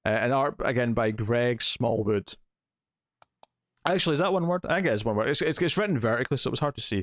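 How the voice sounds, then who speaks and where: A man's voice: mid-range voice, lively intonation, rapid-fire, fairly bright tone, no echo. A man co-hosting a podcast, casually retelling a comic's plot with lots of fillers. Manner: chatty, retells plot with acted quotes, many fillers. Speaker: podcast co-host reviewing comics. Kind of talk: casual review chat.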